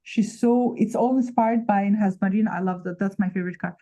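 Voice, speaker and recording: A woman's voice: medium pitch, fairly quick, dark tone. A woman chatting casually on a video call, reading out viewer comments and joking. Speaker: co-host.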